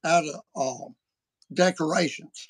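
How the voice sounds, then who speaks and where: A man hosts a casual podcast, telling stories in an animated, folksy way. His voice sits fairly high and has a gravelly edge. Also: slow pace. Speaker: podcast host. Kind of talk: casual chat.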